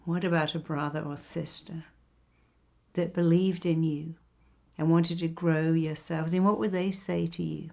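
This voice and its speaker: Older English woman therapist, lowish voice. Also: little pitch movement, a little slow, creaky, darkish tone. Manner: acts out quoted critics and cheerleaders. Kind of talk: guided self-help talk.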